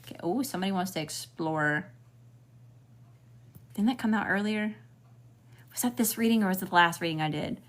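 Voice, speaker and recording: A woman's voice: medium pitch, brisk, pauses often. A woman with a Southern US accent giving a casual spiritual reading as a tarot reader, talking frankly and swearing freely with chatty asides.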